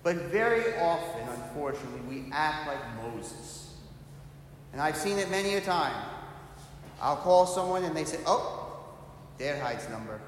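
Middle-aged priest preaching in an echoey church. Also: male voice, fairly high pitch, expressive, normal speed. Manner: storytelling preacher, acts out quoted voices. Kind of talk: sermon. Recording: very echoey church hall, long reverb, faint noise.

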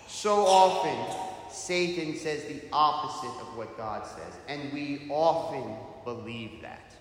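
A priest delivering a sermon, slow and emphatic, with strong rises on the words he stresses. His voice is somewhat high for a man and rings through a large church. A long reverb tail hangs behind every phrase. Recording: echoey church hall.

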